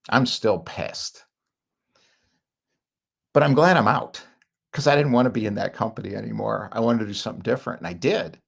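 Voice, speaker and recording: Middle-aged man, low gravelly husky voice, blunt exasperated monologue. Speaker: marketing consultant. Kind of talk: candid monologue.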